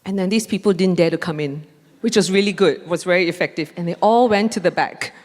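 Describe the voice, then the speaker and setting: A woman's voice: fairly low pitch, a little fast. Woman telling a story in a reverberant hall. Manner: animated, acts out dialogue with laughs. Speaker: mindfulness trainer giving a conference talk. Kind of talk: storytelling lecture. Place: large conference hall.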